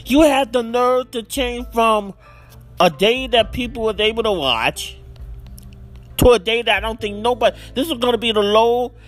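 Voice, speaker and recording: A man's voice: extremely high pitch, normal speed, fairly bright tone, soft background music. A man hosting a solo football picks podcast, ranting in exasperation and repeating himself. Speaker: podcast host.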